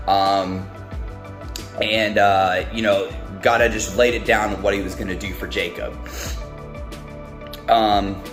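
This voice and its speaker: A man casually retelling a Bible story in a devotional talk, rambling with many ums and restarts. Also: on the low side. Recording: roomy echo, faint music.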